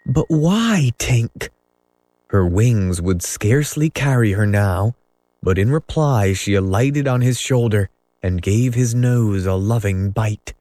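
A man narrating a children's novel in a slow, measured, dramatic reading. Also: fairly low pitch, dark tone, dry recording. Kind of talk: storybook reading.

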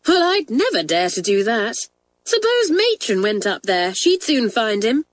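A woman's voice: on the high side, sing-song, measured pace, no room sound, pitched above the performer's own voice. Brief: woman voicing a timid, wide-eyed schoolgirl, storybook, dry. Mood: amazed. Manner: amazed.

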